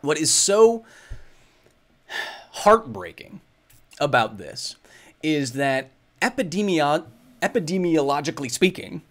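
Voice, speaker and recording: A man's voice: fairly high pitch, lively intonation, slow pace, pauses often. A man in his thirties hosting a casual livestream Q&A, answering viewer questions about science. He thinks aloud and rambles, with many fillers and restarts.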